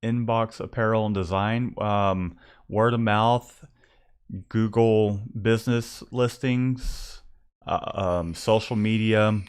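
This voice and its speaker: A man's voice: lowish voice, steady tone, slow pace, smooth. A young man co-hosting a casual live stream about his print shop, often stumbling and repeating words as he starts a thought. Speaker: co-host of a live business show.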